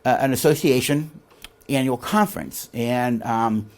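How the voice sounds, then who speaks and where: A man gives a classroom lecture on leadership before a live audience, quizzing listeners with fill-in questions. His voice is mid-range and unhurried.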